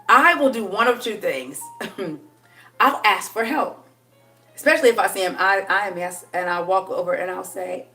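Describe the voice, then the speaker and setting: A woman's voice: moderate pace, sharp tone, faint music behind. Lady coaching on dating, chatty n sassy, a bit far off the mic. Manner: chatty, sassy, laughs often, drops to a low voice for effect. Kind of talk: casual live-stream talk to viewers.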